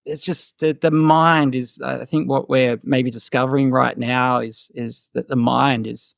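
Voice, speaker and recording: A man in his thirties, a guest musician thinking aloud in a relaxed podcast chat, full of fillers and restarts. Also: medium pitch, unhurried, creaky, no echo, clean studio sound. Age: 30s. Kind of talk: casual podcast conversation.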